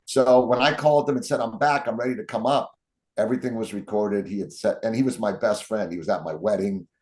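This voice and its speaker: A man's voice: lowish voice, a little fast. A man telling stories as an interview guest, acting out the quotes of the people in them. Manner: animated storyteller, acts out quotes. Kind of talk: storytelling interview.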